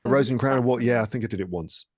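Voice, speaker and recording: A man from England on a casual podcast, an animated storyteller who acts out quoted speech. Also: medium pitch, fast, no room sound. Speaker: podcast guest, English teacher and comedian. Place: lives in France.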